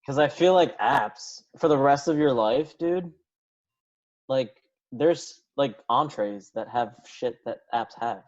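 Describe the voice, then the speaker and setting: A man's voice: mid-range voice, takes it slowly, darkish tone, lo-fi sound. A young man co-hosting a casual podcast, joking and blunt, swearing freely. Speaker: podcast co-host. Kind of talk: casual chat.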